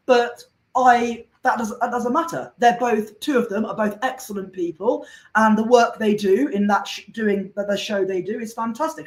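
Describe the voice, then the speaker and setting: Bloke on a fan panel rambling earnestly, lots of restarts, roomy echoey sound. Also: male voice, sits high. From Somerset. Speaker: podcast panel guest. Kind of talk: casual chat.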